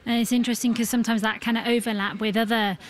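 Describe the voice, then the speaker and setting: A woman's voice: on the high side, little pitch movement, fast talker. A woman presenting a radio interview, asking her guests conversational questions.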